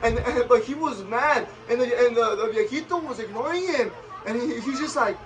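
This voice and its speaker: Brief: high, quick male vlogger, mixes English and Spanish, slightly distant mic. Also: a faint crowd, slight background noise. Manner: code-switching between English and Spanish, lively retelling with acted quotes. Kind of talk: casual storytelling chat.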